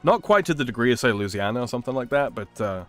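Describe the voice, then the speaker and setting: A man's voice: medium pitch, animated, fast, faint music behind. A man hosting a gaming stream, chatting casually in a musing, hesitant way with plenty of fillers. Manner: musing, hesitant, thinks aloud with many fillers. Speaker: streamer host. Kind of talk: casual chat while gaming.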